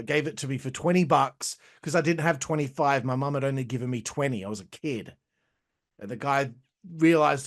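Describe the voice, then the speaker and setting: A young adult man, hosting a casual wrestling review, talking in a profane, animated rant. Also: mid-range voice. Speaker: host.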